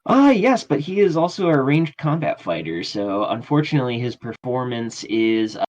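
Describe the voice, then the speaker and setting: A man running a tabletop game as game master, narrating casually and often pausing on fillers. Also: medium pitch, lively intonation, darkish tone, muffled recording. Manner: casual, halting, many fillers.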